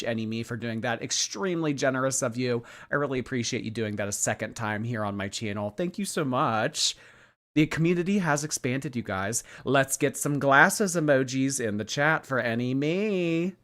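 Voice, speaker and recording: A man's voice: medium pitch, moderate pace, fairly bright tone. A man hosting a live stream, reacting to a clip with mocking, chatty commentary and reading out viewer messages.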